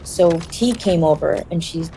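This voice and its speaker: A woman telling her personal story in an interview, in a halting, confessional way. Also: fairly low pitch, mellow, a little hiss or hum.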